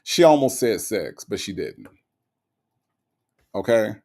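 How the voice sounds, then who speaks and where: A man's voice: fairly low pitch, very animated, slow pace, darkish tone. A man hosting a live stream, reacting to a case and reading viewer comments in a blunt, mocking, repetitive way.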